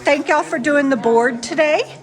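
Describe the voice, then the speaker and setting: A woman's voice: sits high, moderate pace. A woman vlogging at an outdoor campground event, chatting with friends in an upbeat, teasing way as she films on a handheld camera. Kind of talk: casual vlog narration. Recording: chatter of a crowd behind.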